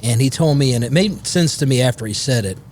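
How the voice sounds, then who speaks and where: A man co-hosting a podcast outdoors, telling a kitchen story in a relaxed, rambling way. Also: mid-range voice, quick pace, slight background noise. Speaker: podcast co-host. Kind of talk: casual chat.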